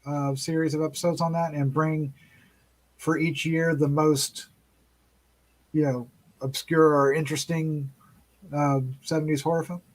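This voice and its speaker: A man with a fairly high voice hosts a casual podcast. He is friendly, quick to laugh, and keeps the conversation moving. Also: little pitch movement, rough recording. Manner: friendly, laughs often, leads the talk. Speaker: podcast host.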